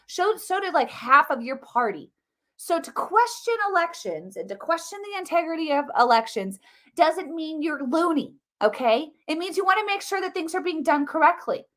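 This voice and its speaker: A woman talking fast and emphatically in a live-streamed political commentary, repeating herself, with many "like" fillers. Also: high-pitched, very animated, fairly bright tone.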